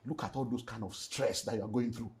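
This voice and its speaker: A middle-aged Nigerian pastor who also speaks on relationships shares an emotional personal testimony during an interview. His mid-pitched voice moves at a quick pace as he tells the story with animation, sprinkling in Nigerian Pidgin and shifting between loud and hushed moments.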